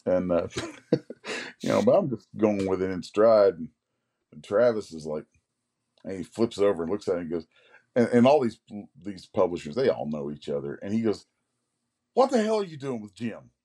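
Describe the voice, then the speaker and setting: Deep husky guy, comic artist in an interview, rambling storyteller who clears his throat a lot. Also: normal speed, mellow. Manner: rambling anecdotes, acts out others' lines.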